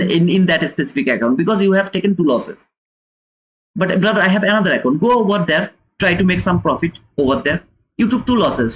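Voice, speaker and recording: A man with a high-pitched, fairly bright voice hosts a live trading lesson on his channel. He lectures viewers emphatically, repeating phrases for stress.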